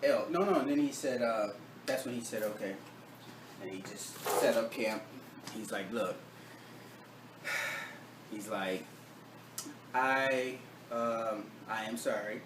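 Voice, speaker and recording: A man casually telling a story about a doctor visit, acting out both sides of the talk and dropping his voice low and soft for the doctor's lines. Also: unhurried, pauses often. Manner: retells a doctor visit with quoted dialogue, drops voice low and soft for the doctor. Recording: echoey room, far from the mic, faint noise.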